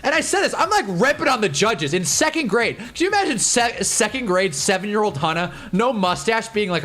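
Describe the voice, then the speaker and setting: Young man, stream host, high voice, swooping pitch, cursing, mock outrage, faint music behind. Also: normal speed, hardly any pauses. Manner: animated, profane, mock-outraged storytelling. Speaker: livestream host. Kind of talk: casual storytelling on a livestream.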